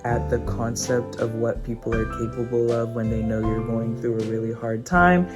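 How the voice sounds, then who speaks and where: A woman in her twenties telling a storytime vlog in an animated, sarcastic way, cursing freely. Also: extremely low pitch, normal speed, loud music behind the voice. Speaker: vlogger.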